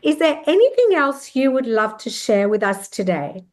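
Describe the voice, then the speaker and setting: A woman, hosting a podcast interview, effusive and quick to affirm her guest. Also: fairly high pitch, sing-song, darkish tone. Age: 50s. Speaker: podcast host. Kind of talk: interview conversation.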